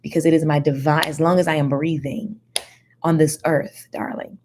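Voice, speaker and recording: A woman giving casual Bible teaching in a slangy, animated, preachy way. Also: low voice, moderate pace, a little hiss or hum. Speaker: faith teacher.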